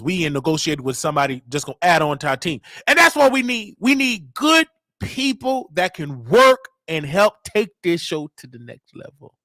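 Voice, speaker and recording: A man hosting his own live show, shouting and preaching at his listeners and scolding them for not donating. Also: high-pitched, no echo. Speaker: show host. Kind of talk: loud live-stream commentary.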